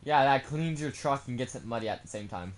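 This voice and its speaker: A man's voice: mid-range voice, expressive, fairly quick. A young man casually commenting while playing a farming game, goofy and given to swearing. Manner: goofy, swears, bursts into silly sung bits. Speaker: gamer. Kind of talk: casual let's-play commentary.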